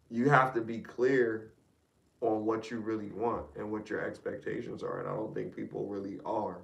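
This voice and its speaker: Gravelly man, emphatic. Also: on the low side, recorded from a distance. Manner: emphatic, lecturing about relationships. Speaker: podcast co-host. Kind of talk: casual group chat. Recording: roomy sound from off-mic.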